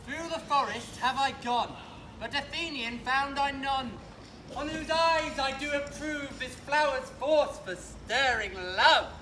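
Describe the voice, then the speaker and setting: Puck, an actor playing a slow, sly sprite. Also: sits high, bright, forceful tone, slight background noise. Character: mischievous sprite Puck, servant of a fairy king. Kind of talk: outdoor stage acting of verse.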